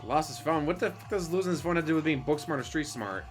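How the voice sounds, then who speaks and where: A man's voice: a little high, animated, quick pace. A man ranting casually on a live stream, swearing a lot, laughing often and mocking the people he talks about. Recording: faint music behind.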